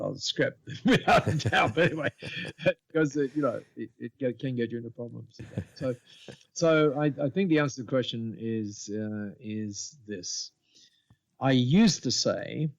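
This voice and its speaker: Older male guest, seventies, gravelly storyteller, dull lo-fi recording. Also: lowish voice. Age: 70s. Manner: animated storyteller, lively quoting of others, many restarts. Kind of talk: storytelling in a podcast interview.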